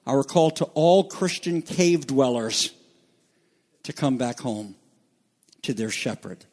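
A man's voice: a little high, takes it slowly, long pauses. A pastor preaching a morning sermon in a slightly raised voice. He reads passages aloud and explains them earnestly, now and then stopping to restart a thought. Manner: earnest preaching with scripture readings, some restarts.

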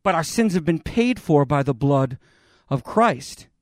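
Dramatic high-pitched preacher man. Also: expressive, a little slow, no room sound, clean studio sound. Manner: dramatic, voices God and Moses in the retelling. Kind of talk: sermon.

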